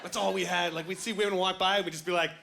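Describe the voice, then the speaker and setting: A young man performing stand-up on a club stage, animated and self-mocking as he acts out other people. His voice sits rather high. Loud laughter from the audience rolls through the room. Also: fast talker, vocal fry, very noisy. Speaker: stand-up comedian. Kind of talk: stand-up comedy set.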